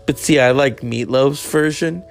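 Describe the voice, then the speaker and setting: A man with a gravelly, fry-edged voice rambling through a loose, profane monologue. He drifts from topic to topic and reads passages aloud from web pages. Faint music plays underneath. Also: mid-range voice, measured pace.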